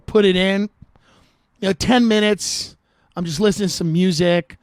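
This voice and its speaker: Podcast host, middle-aged man with a high voice, rambling comic anecdotes, dry close sound. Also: steady tone, moderate pace, pauses often, clear, resonant tone, no echo. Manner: rambling anecdote, frequent asides and filler. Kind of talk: comedic storytelling.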